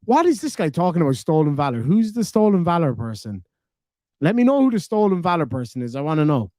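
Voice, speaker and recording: An Irish man reads through viewer comments on a live stream, sarcastic and quick to swear. His voice sits a bit high for a man, and the sound is dry and close with no room echo. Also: very animated, darkish tone. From Ireland. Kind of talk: casual live stream chat.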